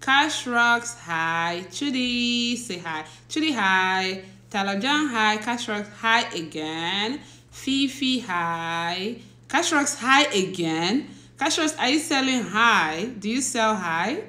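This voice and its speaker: Her mid-range voice is expressive, pushed and bright, heard in a roomy space over a phone or laptop stream. Hosting casually, the teacher talks at a slow pace, laughing often as she calls out viewers' names and says hello.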